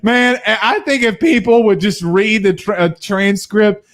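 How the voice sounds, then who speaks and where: A higher-pitched man with a drawl, hosting a loose post-game sports talk stream. He talks bluntly and heatedly, swears freely and breaks into laughs between rants. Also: measured pace. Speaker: sports show host reading viewer comments.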